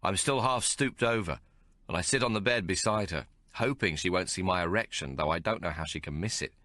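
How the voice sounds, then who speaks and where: A man narrating an audiobook in the first person, measured and descriptive. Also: deep voice, bright, forceful tone, no room sound, studio quality.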